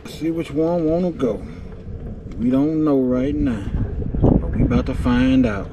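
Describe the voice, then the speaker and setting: A man giving lively, excited commentary while fishing from a boat and talking to the fish. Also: a little high, unhurried. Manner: lively, talks to the fish and viewers. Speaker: fishing vlogger. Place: outdoors on the water, in a boat. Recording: noisy outdoor phone recording.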